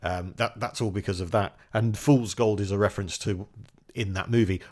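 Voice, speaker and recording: A man with a lowish voice co-hosts a podcast in easy, casual chat. He talks in a dry way, setting his partner trivia questions and explaining the answers. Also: fairly even intonation, normal speed, a little mellow. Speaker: podcast co-host.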